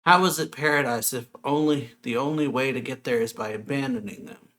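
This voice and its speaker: A man's voice: mid-range voice, a little fast, a bit bright, pitched above the performer's own voice, lightly acted. A man reading aloud the lines of a despairing, proud male king of angels with raised, strained intensity. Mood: anguished.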